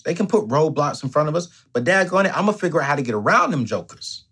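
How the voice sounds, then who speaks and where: Male host, fired-up motivational talk, lively pitch swings, preachy and punchy. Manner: emphatic, preacher-like, slips into self-talk.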